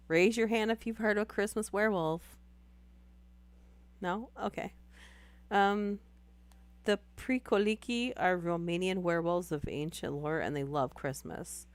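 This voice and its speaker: Hoarse, slightly low female streamer, casual reading with wry asides. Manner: wry, laughs between lines. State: hoarse, losing voice. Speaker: live streamer.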